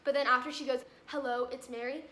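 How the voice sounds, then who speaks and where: Teen girl vlogger, high bright voice, exasperated storyteller, echoey room. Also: level tone, fast, slight background noise. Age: teens. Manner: exasperated, filler-heavy retelling. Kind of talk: storytime vlog. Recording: roomy echo with faint ambience.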